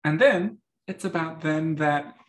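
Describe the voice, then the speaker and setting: A man's voice: a little high, unhurried. A man co-hosting a casual movie review chat, easygoing and laughing between remarks. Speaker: podcast co-host. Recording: echoey room.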